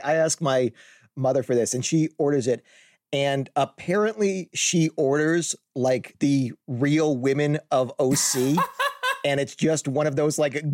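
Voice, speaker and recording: A man co-hosting a casual comedy podcast, telling a story in quick bursts and laughing often. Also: on the high side, a little mellow, dry recording, studio quality. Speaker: podcast host.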